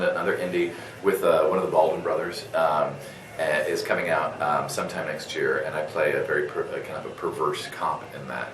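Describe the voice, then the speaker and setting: A male voice actor, a guest at a convention interview, telling a story in a lively way, full of fillers, restarts and laughter. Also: low voice, roomy sound, distant mic, rough recording. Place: convention room.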